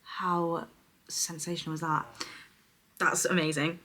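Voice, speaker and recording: Woman, young adult, husky, bright and sharp tone, chatty unboxing vlogger. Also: fairly low pitch, level tone, unhurried. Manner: chatty and effusive, often dropping to a soft hush over products. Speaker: beauty vlogger. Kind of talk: casual unboxing chat.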